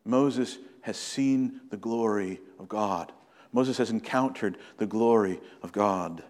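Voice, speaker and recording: A man's voice: on the low side, a little mellow. Preaching man in a reverberant hall. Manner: earnest preaching, slowing and rising for emphasis. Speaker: pastor. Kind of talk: sermon.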